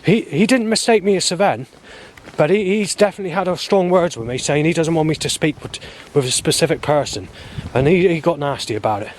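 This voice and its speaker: A man's voice: a little high, brisk, slight background noise. A man talking to camera outdoors in a rambling video diary, hesitant, often restarting and repeating himself. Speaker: vlogger.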